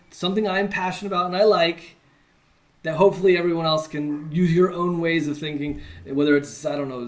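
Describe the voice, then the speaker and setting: A man from the United States giving a conversational teaching talk, earnest with self-deprecating asides. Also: fairly high pitch. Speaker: teacher on evangelism.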